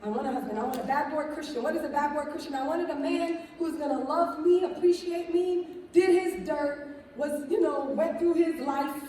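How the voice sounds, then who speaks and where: A woman tells her story to a live audience in a big, strongly echoing hall, heard from a distance off the mic. Her voice sits high, and she keeps it animated, laughing and checking in with the crowd as she goes. A faint crowd murmur runs underneath. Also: moderate pace, slight background noise. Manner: animated storytelling, laughing, acting out quotes, asks "right?". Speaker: speaker sharing testimony. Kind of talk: lively testimony talk to a live audience. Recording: echoey hall from far off.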